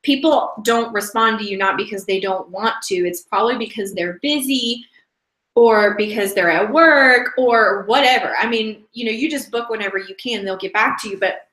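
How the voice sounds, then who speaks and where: A woman's voice: medium pitch, normal speed, fairly bright tone. Woman, team trainer, casual, rambling, lots of "like", restarts sentences, echoey room. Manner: chatty and rambling, fills talk with "like"; breaks off mid-sentence and restarts. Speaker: direct sales team leader. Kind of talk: casual live training talk.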